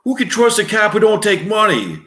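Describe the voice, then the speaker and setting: A man's voice: high-pitched, wildly swooping pitch, fairly quick, fairly bright tone, echoey room, voice pushed up, exaggerated voice. A man doing a tough New York cop. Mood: scornful.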